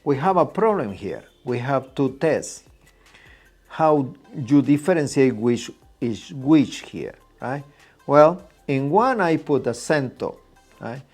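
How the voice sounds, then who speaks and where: Man with a lively teaching voice. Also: medium pitch. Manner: patient, repeats key points with "right?". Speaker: Spanish teacher. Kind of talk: explanatory lesson.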